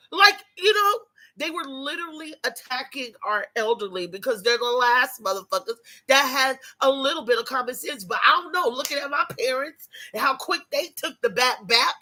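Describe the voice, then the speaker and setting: A woman's voice: sits high, animated, moderate pace, sharp tone. A woman vlogger on an off-the-cuff rant to camera, profane and heated, rambling with lots of restarts. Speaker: YouTube vlogger.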